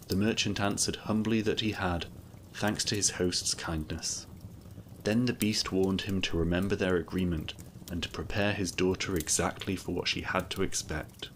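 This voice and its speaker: A man reading a fairy tale aloud as a storyteller, in an even, measured way. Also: sits low, slight background noise.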